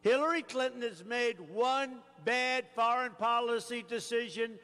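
A man's voice: extremely high pitch, measured pace, bright, forceful tone. A man who is a political candidate, giving an emphatic campaign rally speech at a podium mic and repeating phrases for effect. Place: large rally venue. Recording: long reverb of a large rally hall.

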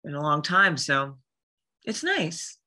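Brief: a voice actress chatting as a guest, lively pitch, reflective. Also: female voice, slow pace. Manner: reflective, laughing, hesitant with fillers. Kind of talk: casual interview chat.

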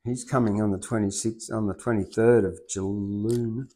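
An Australian man hosting a poetry open mic, who chats loosely with many fillers and then reads rhyming verse loudly and rhythmically. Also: fairly low pitch, fairly even intonation, normal speed. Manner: loose and rambling, with many fillers, swinging into loud rhythmic recitation. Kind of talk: reciting rhyming poetry and rambling chat.

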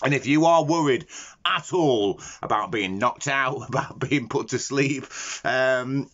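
A man's voice: medium pitch, unhurried, fairly bright tone. A man rambles to camera in a casual vlog, laughing and swearing freely. His voice sits in a middle register, and the sound is muffled and lo-fi. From Yorkshire. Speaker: vlogger.

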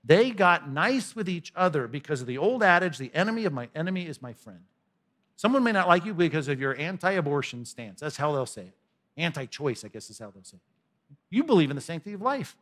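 Male pastor, conversational sermon delivery, animated and expressive, slightly high voice. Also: fairly quick. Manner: conversational, animated, humorous asides.

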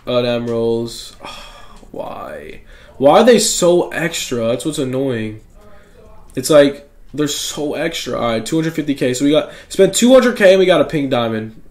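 A young man giving casual commentary while opening game packs, excitable, swinging from gloomy muttering to shouted joy. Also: mid-range voice, normal speed. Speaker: gaming YouTuber.

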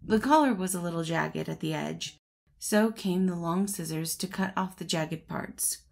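Woman reading a fairy tale, lowish voice. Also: unhurried, creaky. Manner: friendly, chatty greeting, then steady reading. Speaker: audiobook narrator and channel host. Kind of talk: storybook narration.

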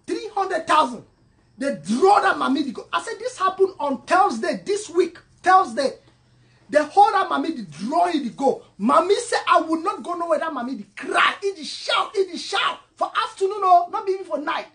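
Cameroonian lady ranting, high voice, repeats stuff, gets loud then quiet. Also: animated, moderate pace, vocal fry. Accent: Cameroonian English with Pidgin. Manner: emphatic, repeats phrases, swings loud and soft. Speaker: online commentator. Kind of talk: impassioned monologue.

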